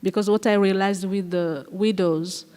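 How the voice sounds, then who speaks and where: A woman from Rwanda speaks as a guest in an onstage interview, earnest and halting, often repeating a word before going on. Her voice is mid-pitched and carries the long reverb of a live festival hall. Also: steady tone, warm tone, smooth. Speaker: guest playwright and performer. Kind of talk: conversational interview.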